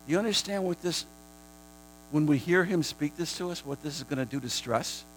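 A man preaching a sermon, repeating phrases for emphasis and swinging between a hushed, prayerful murmur and high, shouted declarations. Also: fairly quick, a little hiss or hum, rough recording.

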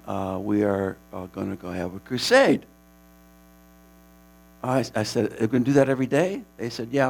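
Gravelly man telling a mission story. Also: on the low side. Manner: animated, laughing, rambling with restarts. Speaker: missionary preacher. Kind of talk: casual storytelling testimony.

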